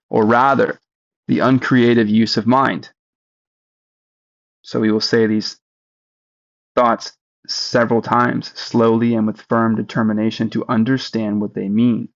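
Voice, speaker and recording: A man leading a guided spiritual practice, speaking slowly and deliberately and asking listeners to repeat phrases after him. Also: mid-range voice, dull audio. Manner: slow, deliberate, leads repetitions. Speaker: spiritual teacher. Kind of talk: guided meditation teaching.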